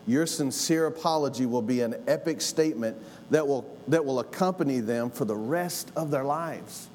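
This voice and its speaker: Earnest folksy man in a reverberant hall. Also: fairly high pitch. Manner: folksy, earnest, repeats himself for emphasis. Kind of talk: storytelling sermon. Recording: long hall reverb, faint room noise.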